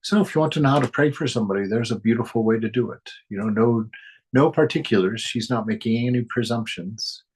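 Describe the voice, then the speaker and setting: A man of ordinary pitch reads passages from a spiritual book aloud. Between readings he adds his own thoughts in an easygoing way, with soft chuckles along the way. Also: a little fast, breathy edge, rough recording. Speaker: host reading and reflecting on a spiritual text.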